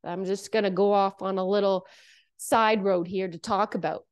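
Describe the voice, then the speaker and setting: A woman's voice: medium pitch, steady tone, normal speed, smooth. A woman from Canada talking to camera about everyday habits in an earnest, coaching way, often checking in with "okay?" and "right?". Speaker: self-help speaker. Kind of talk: casual monologue to camera.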